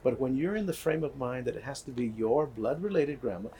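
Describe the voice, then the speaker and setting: Warm-toned and medium-pitched, an older guest speaker talks fairly quickly with lively intonation, against slight background noise. His subject is healing and community, and he earnestly shares stories conversationally, repeating himself and checking in with frequent "right?"s.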